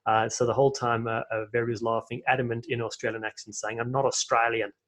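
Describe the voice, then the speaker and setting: A man's voice: mid-range voice, flat delivery, fast. A man with a South African accent hosting a rugby podcast, chatting casually and telling stories with plenty of fillers. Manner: chatty storyteller with frequent fillers. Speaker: podcast host and rugby commentator.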